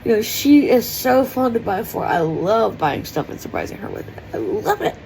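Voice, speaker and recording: A woman's voice: a little high, big pitch swings, normal speed, creaky, darkish tone, a little hiss or hum, rough recording. A woman talking in a heartfelt, tearful personal vlog, rambling with many fillers as she speaks from her kitchen. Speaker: vlogger. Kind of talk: emotional personal vlog monologue. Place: home kitchen.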